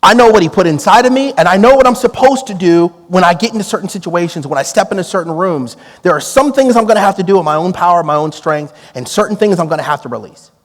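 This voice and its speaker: High-voiced man preaching in a reverberant hall. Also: fast, hardly any pauses. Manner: animated, acts out quoted dialogue with laughs. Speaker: preacher and former police negotiator. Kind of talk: storytelling sermon.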